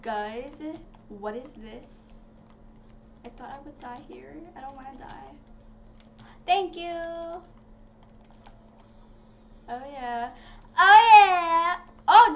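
A woman giving casual, excitable commentary while playing a video game, talking to her viewers. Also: sits high. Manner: chatty and excitable, talks to viewers as "guys". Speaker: gaming channel host. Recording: slightly dull lo-fi audio with faint noise.

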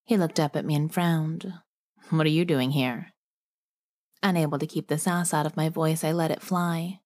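A woman narrating a romance audiobook in the first person, steady and clear. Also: deep voice, fairly quick.

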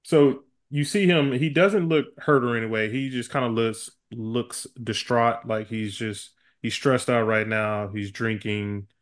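A man's voice: mid-range voice, a little slow, hardly any pauses. A man narrating as game master of a tabletop role-playing game, describing scenes loosely and laughing often.

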